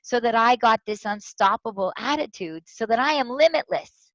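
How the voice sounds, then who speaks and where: A woman speaker, a guest in an interview, telling a personal story with lively quoted voices. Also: on the high side, moderate pace, dry recording. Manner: animated, tells stories with quoted voices. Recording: dull lo-fi sound.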